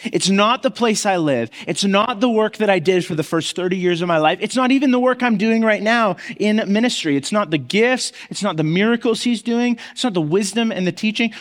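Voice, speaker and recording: A man's voice: high voice, big-room sound. A man preaching a sermon in a conversational way, often restarting his words and acting out the voices he quotes. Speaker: pastor.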